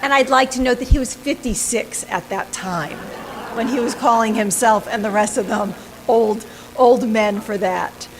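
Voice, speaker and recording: A woman's voice: a little high, moderate pace, background noise. A woman presenting a local history talk with slides, chatty and hesitant, with frequent ums and restarts. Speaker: organization president giving a history talk.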